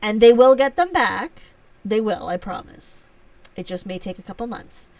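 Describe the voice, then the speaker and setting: A woman hosts a relaxed live stream and chats with her viewers, poking fun at herself and laughing often. Her voice sits at an ordinary middle pitch. She is picked up from a little way back from the microphone. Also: normal speed, dry recording, recorded from a distance. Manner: chatty, self-teasing, laughs often. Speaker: livestream host. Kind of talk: casual live chat answering viewers.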